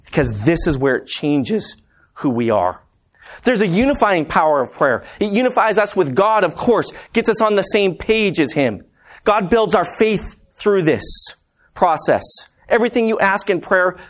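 A man's voice: high-pitched, big pitch swings, unhurried. A man preaching a conversational sermon, telling stories and calling the congregation "guys". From Montana. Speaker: preacher and math teacher.

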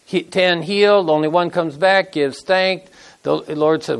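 Speaking at ordinary speed, a pastor in his sixties has a fairly high, creaky voice. He keeps the sermon easygoing and folksy, weaving in anecdotes and dramatizing what people said in down-to-earth words.

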